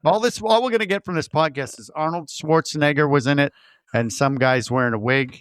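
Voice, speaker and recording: A man's voice: a little high, brisk, clean tone, dry recording, clean studio sound. A man co-hosting a podcast, chatting casually and jokily, rambling and slipping into impressions. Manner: jokey, rambling, imitates voices. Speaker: podcast co-host. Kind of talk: casual chat.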